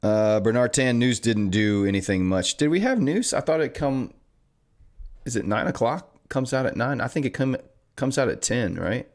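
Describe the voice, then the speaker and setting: A man's voice: mid-range voice, sing-song, normal speed. A man hosting a trading live stream, chatting casually and reading viewer comments in a rambling, offhand way. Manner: rambling, offhand, self-correcting.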